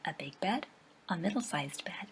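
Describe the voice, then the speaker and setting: A woman storyteller reading a children's tale aloud, softly and often half-whispered. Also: lowish voice, animated, normal speed, vocal fry, a little hiss or hum. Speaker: library storyteller.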